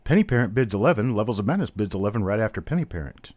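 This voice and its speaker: A man's voice: lowish voice, very animated, racing, darkish tone, no room sound. A man hosting a live-stream coin auction, chatty, calling out bidders and prices one after another. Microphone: webcam on a stand.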